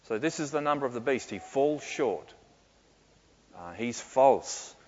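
A man answering questions in a sermon, reflective and often pausing with fillers and soft laughs. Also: mid-range voice, animated. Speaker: pastor. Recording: muffled with long hall reverb.

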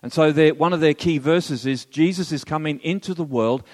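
A man's voice: fairly high pitch, normal speed, in a large hall. A man teaching theology as a sermon, earnest and emphatic, with wry asides to his listeners. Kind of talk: sermon lecture.

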